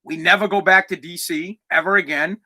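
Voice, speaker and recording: A man's voice: high voice, fairly even intonation, fairly quick, sharp tone. A man in his thirties, a podcast host, telling a personal story in a candid, rambling way with a lot of swearing, close to tears.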